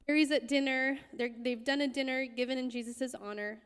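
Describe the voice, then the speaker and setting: A woman preaching in a high voice. She tells a personal story with intense emphasis and sometimes drops to a hushed whisper. Her voice rings with the long reverb of a church hall. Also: steady tone, a little fast, clear, resonant tone. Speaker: guest speaker. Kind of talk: sermon storytelling.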